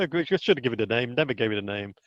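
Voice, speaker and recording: A man's voice: medium pitch, fast talker, no echo. Man, interview guest, casual storytelling, acts out quotes, dry, muffled lo-fi. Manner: animated, acts out quotes, many restarts. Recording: dull lo-fi dry recording.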